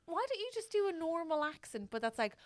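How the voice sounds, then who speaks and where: A woman co-hosting a comedy chat who teases her partner with quick, witty remarks. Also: very high-pitched, big pitch swings, slight background noise. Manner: teasing and quick-witted. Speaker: co-host. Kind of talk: casual chat.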